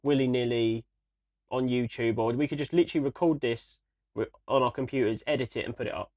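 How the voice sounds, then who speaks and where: A man's voice: medium pitch, a little fast, a little mellow, no room sound. Young guy chatting on a podcast, laid back, dry close mic. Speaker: podcast co-host. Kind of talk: casual chat.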